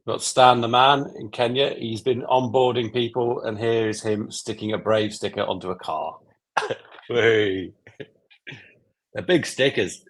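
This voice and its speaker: A man's voice: mid-range voice, steady tone, moderate pace, hardly any pauses. A man giving a casual update on an ambassador program during an online call, laughing easily and restarting words.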